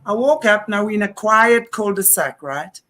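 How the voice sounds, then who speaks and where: A woman hosting a live-stream conversation, telling a story in an earnest, animated way. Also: mid-range voice, moderate pace. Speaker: host.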